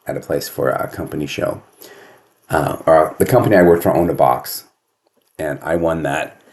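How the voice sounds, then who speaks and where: A cranky older man talks into his computer at home, low in pitch and dry in his sarcasm. He grumbles through his complaints, firing off rhetorical questions in a loose, conversational monologue. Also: a little mellow. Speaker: host. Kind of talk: casual monologue vlog.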